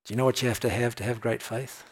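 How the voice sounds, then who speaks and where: A man preaching a sermon, reading scripture with slow, stressed phrases and chatting to his listeners between verses. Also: mid-range voice, fairly even intonation, husky. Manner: conversational asides with soft laughs.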